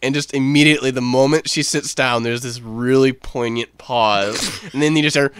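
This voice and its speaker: A young man co-hosting a casual podcast, telling rambling, swearing anecdotes in an animated way. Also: mid-range voice, normal speed, clean tone, dry recording, studio quality. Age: young adult. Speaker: podcast co-host. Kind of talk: casual storytelling chat.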